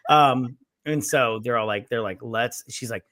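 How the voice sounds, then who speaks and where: Bright dry-voiced man recapping a film. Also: medium pitch, a little slow, no room sound. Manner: rambling, acts out characters' lines with swearing. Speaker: podcast co-host. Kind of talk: casual recap chat.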